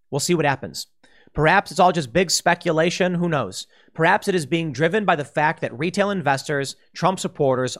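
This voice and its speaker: A man's voice: fairly high pitch, a bit bright. A man hosting a political commentary show, talking in a heated, ranting way with mocking asides. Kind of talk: opinionated solo commentary.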